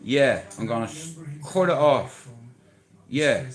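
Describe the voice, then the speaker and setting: A man's voice: mid-range voice, big pitch swings, takes it slowly, long pauses, poor audio. A man with an Irish accent ranting on a livestream, aggressive, taunting and boastful, swearing heavily and challenging his target directly. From Ireland. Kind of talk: livestream rant to camera.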